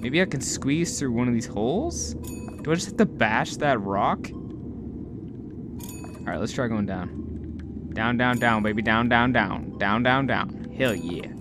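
A young man giving live gameplay commentary, talking to himself, excitable and swearing often. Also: medium pitch, slow pace, long pauses, music in the background. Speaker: gaming video host.

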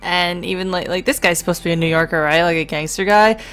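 A woman's voice: lowish voice, fast, a bit bright, clean tone, soft background music. A woman with a New York accent streaming a game and making sarcastic, joking asides. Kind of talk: casual gaming commentary.

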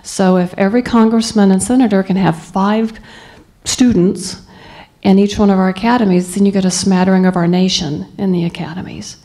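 A woman's voice: mid-range voice, steady tone, brisk, dark tone. A woman in her fifties from Southeast Texas, giving a motivational speech to students and telling her story in an earnest, emphatic way. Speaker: guest speaker.

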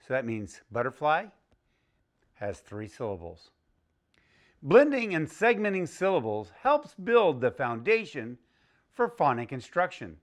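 A man teaching young children a phonics lesson, speaking slowly and clearly with an exaggerated teaching delivery. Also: a little high, sing-song. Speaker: early-learning teacher.

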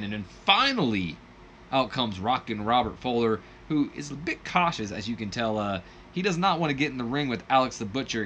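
Animated man commentating a game. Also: mid-range voice, a little hiss or hum. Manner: animated, chatty, with bursts of excitement. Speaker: gaming video host. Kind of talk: casual play-by-play commentary.

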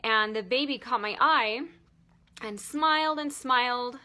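A woman in her thirties telling a personal story in a vlog, emotional and halting, close to tears, with many fillers. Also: on the high side, pushed and bright. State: tearful. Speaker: vlogger.

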